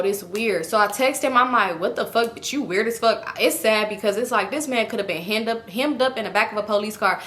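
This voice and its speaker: A young woman tells a dramatic storytime quickly, her voice bright and a little high. She is animated, swears freely, and acts out every voice in the conversations. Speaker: storytime vlogger. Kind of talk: casual storytelling.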